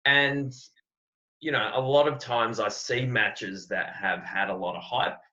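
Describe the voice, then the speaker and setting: Here the same kind of speaker, an Australian man who coaches wrestling, appears as a podcast guest, earnest and reflective, repeating words as he works through his thoughts. He has a mid-range voice with a sharp tone and an unhurried pace. Audio quality is dull and lo-fi.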